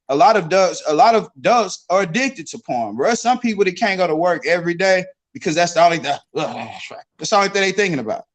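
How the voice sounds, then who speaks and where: A man hosting a casual talk show, speaking loosely with lots of repeats and "bro". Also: high-pitched. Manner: loose, repetitive, says bro a lot. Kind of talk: casual chat.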